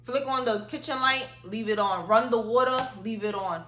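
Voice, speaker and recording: Woman, 18, storytime vlog, slangy and emphatic, bright voice, roomy echo. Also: a little high, moderate pace, soft background music. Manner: slangy, emphatic, repeats points for effect. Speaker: vlogger. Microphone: phone camera.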